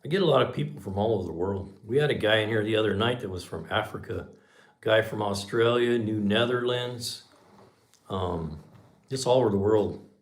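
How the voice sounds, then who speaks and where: Deep-voiced laid-back man in his sixties. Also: moderate pace. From Southern California, USA. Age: 60s. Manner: rambling, laid-back, often ends sentences with "man". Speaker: livestream host. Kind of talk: casual livestream chat.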